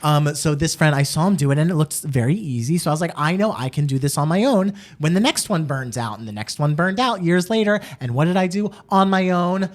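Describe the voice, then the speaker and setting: A man's voice: on the high side, lively intonation, a little fast, hardly any pauses. A young man co-hosting a casual podcast, bantering playfully and teasing himself. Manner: playful, self-mocking banter. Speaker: podcast co-host. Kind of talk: casual chat.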